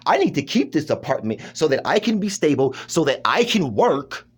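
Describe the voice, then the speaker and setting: A man's voice: fairly high pitch, sing-song, moderate pace, husky. A man talking in a rambling personal monologue, emphatic, restarting often and checking in with his listener. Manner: emphatic, keeps asking "you know what I'm saying".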